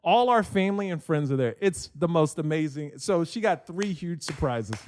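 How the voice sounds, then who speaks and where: A man in his thirties tells a long story on a podcast, his voice sitting high and swinging all over the place. He acts out the quotes as he goes. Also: lively intonation, moderate pace, darkish tone, a little hiss or hum. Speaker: podcast co-host. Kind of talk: casual chat.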